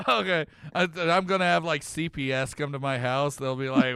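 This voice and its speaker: A man hosting a casual show recap, joking loudly and laughing often. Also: fairly high pitch, animated, normal speed, gravelly, hardly any pauses, clear, resonant tone, no room sound, studio quality. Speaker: host.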